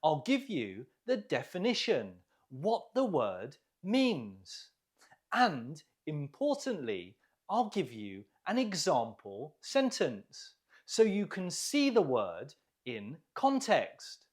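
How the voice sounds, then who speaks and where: A man teaching an English vocabulary lesson, explaining words clearly and asking learners questions to repeat. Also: on the high side, takes it slowly. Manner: clear, lively teaching delivery with rising questions.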